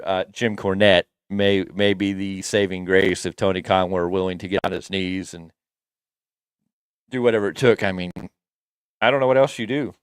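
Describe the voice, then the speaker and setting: Smooth low-voiced man riffing on wrestling. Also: dry recording, studio quality. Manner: rambling, teasing, breaks into mock wrestler voices. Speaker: wrestling podcast co-host. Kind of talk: casual opinionated chat.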